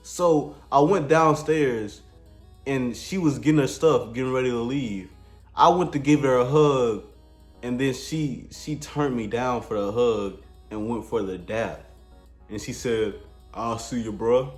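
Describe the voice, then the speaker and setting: A man's voice: mid-range voice, measured pace. Laid-back slangy man in an echoey room. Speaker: comedic storyteller. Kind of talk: crude comedic storytime. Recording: echoey room with faint music.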